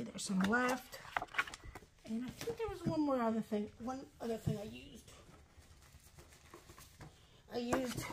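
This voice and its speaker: Middle-aged woman, slightly high voice, rambling craft walkthrough at home, keeps apologizing. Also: background noise. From Ohio, USA. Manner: chatty, rambling, apologetic asides. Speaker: craft vlogger. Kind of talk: casual show-and-tell craft walkthrough.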